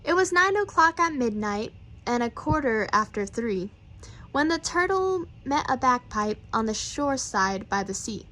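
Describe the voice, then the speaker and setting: A woman reading children's poems aloud, with playful, rhythmic and expressive delivery. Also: on the high side, a little slow, low-quality recording. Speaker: reader.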